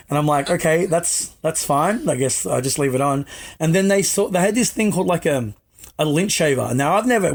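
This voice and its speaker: A young man in his twenties from Melbourne, Australia, speaks in a slightly high, creaky voice. As a podcast guest, he tells casual, self-mocking anecdotes with the odd swear word.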